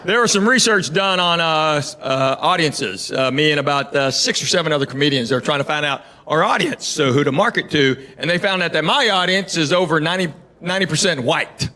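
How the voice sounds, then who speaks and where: A middle-aged man from Tennessee with a Southern accent, doing a deadpan stand-up comedy set. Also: fairly high pitch, a little fast, few pauses. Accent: East Tennessee Southern. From Knoxville, Tennessee, US. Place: theater stage before a live audience. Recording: echoey live venue with audience noise.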